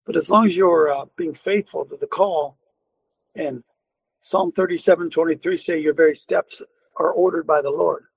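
A man's voice: on the high side, steady tone, moderate pace, vocal fry, breathy edge, dry recording. An older man hosting a Christian call-in talk show, fervent and preachy, laughing often between his points. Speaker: radio talk show host.

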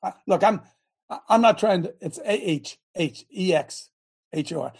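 A woman hosting a talk show, talking in an emphatic, rambling way, breaking off her own sentences and bursting into shouts. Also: lowish voice, animated, normal speed, husky. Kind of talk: animated talk show monologue.

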